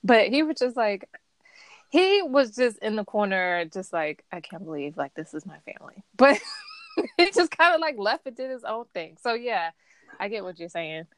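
A woman hosting a podcast, in a relaxed, chatty conversational manner. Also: mid-range voice, moderate pace, no room sound. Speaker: podcast host. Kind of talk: casual chat.

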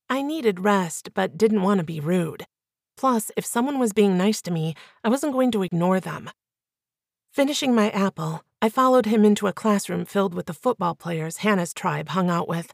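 A woman reading a first-person novel aloud as an audiobook narrator with clear, even storytelling. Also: medium pitch, moderate pace, dry recording, clean studio sound.

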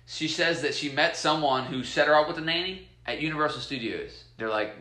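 A man chats casually, swearing freely and acting out quotes with sudden loud jumps. His voice is bright and forceful. The room around him rings with echo. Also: mid-range voice, fairly quick, few pauses. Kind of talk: casual chat.

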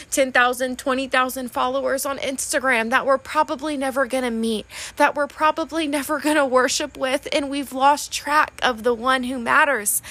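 A woman's voice: high-pitched, pushed and bright. A woman hosting a faith-based motivational podcast, speaking fervently and emotionally and calling her listeners honey and friend. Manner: emotional, voice wavering toward tears at times. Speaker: podcast host.

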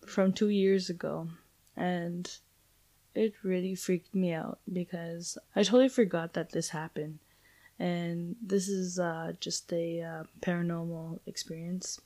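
A woman's voice: lowish voice, steady tone, unhurried, dark tone. A young adult woman hosting a casual solo podcast, rambling and chatty with lots of fillers and casual swearing. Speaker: podcast host.

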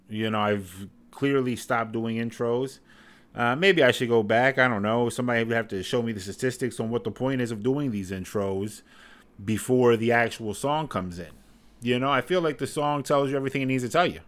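A man's voice: mid-range voice, fairly quick. A man hosting his own basketball podcast, rambling casually with lots of fillers and self-deprecating asides. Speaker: podcast host. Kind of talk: casual sports talk.

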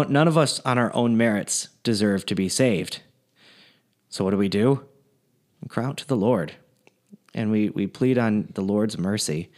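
Relaxed chatty guy hosting a faith podcast, medium voice, lots of ums. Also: medium pitch. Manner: relaxed, chatty, with many fillers and restarts. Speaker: podcast co-host. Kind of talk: casual faith discussion and storytelling.

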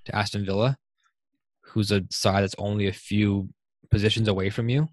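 A young man hosting a casual sports podcast, talking in animated bursts and laughing often. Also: lowish voice, no room sound. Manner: animated, laughing, fast bursts when excited. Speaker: podcast host.

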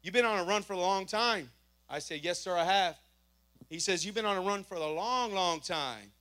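Man, high voice, bright tone, church testimony, animated storytelling. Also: moderate pace. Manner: animated storytelling, acting out dialogue. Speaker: testimony speaker.

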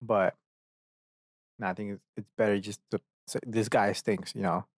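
A man's voice: fairly low pitch, steady tone, brisk, no room sound, studio quality. A man hosting a solo podcast, rambling, swearing freely and breaking off to mock himself. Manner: rambling and profane, self-mocking asides. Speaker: podcast host.

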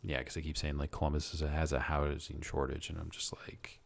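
Deep-voiced male podcast co-host. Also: level tone, brisk, vocal fry. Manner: speculative, trailing off into half-remembered facts. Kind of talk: casual chat.

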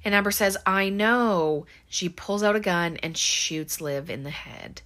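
Woman, casual film recap, chatty, says um and like a lot, slightly low, bright. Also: moderate pace. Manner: chatty, lots of "um" and "like", acts out quoted lines.

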